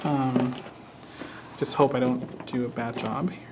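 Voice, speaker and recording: A man's voice: medium pitch, a little slow, a little hiss or hum. Hesitant man demonstrating crafts. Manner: relaxed, hesitant, repeats words. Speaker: craft instructor. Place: studio.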